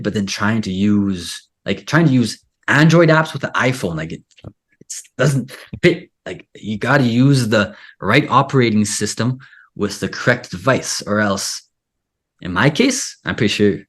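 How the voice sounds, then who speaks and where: A man hosting a casual interview, talking in a rambling way full of filler "like". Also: on the low side. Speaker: podcast host and Spanish teacher.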